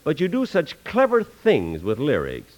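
A man's voice: a little high, huge pitch swings, measured pace, a little mellow. A man with a dry, exasperated manner, playing the lead in a 1940s radio comedy. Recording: old radio broadcast with audience laughter.

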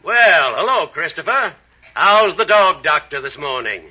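An actor playing a jaunty, work-shy older uncle in a vintage radio comedy, wry and teasing with a husky voice. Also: male voice, a little high, very animated, a little slow, noisy background. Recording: muffled old radio recording.

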